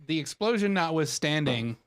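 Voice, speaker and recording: Lively, wry male podcaster. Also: fairly high pitch, moderate pace. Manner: dry and wry, with mock-serious asides. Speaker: podcast co-host. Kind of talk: casual chat.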